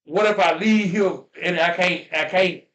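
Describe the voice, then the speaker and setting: A man with a high voice tells heartfelt stories in a preachy, repetitive way and swears as he goes. His voice rings with a roomy echo. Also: unhurried, a bit bright. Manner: preachy, repeats phrases, swears freely. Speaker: podcast host. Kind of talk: emotional storytelling chat.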